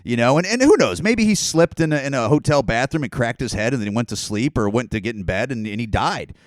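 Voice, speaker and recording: A man's voice: medium pitch, lively intonation, quick pace, no room sound. A man hosting a podcast alone, talking in a rambling, profane, sarcastic way. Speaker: podcast host. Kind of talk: casual solo podcast rant.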